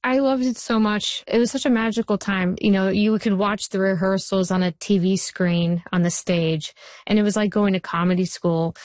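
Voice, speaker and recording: A woman who works as a television writer and showrunner, talking in an interview with animated, anecdotal storytelling. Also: mid-range voice, no echo. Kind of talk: interview conversation.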